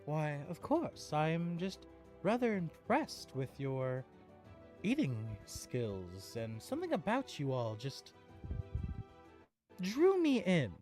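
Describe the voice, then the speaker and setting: A woman's voice: deep voice, huge pitch swings, takes it slowly, darkish tone, soft background music, full character voice. A woman voicing a friendly female halfling bard who speaks politely and formally. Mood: gracious. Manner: courteous, formal phrasing.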